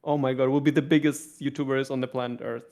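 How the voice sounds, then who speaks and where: A man's voice: mid-range voice, flat delivery, fast, a little mellow. A man with a Russian accent co-hosting a casual tech podcast, talking energetically with lots of repeated words and restarts. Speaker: podcast co-host.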